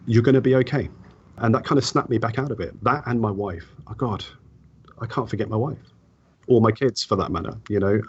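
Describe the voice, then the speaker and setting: A low, husky man in a reflective interview, his speech halting and heartfelt, circling back over words as he talks. The audio is dull and lo-fi, like a remote call. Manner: halting, heartfelt, repeats words when emotional. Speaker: podcast guest. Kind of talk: reflective personal interview talk.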